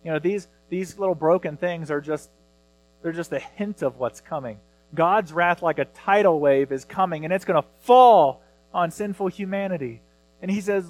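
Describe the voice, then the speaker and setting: A man in his thirties preaching a sermon as pastor, earnest, rising loud when he reads scripture. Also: fairly high pitch, normal speed, poor audio.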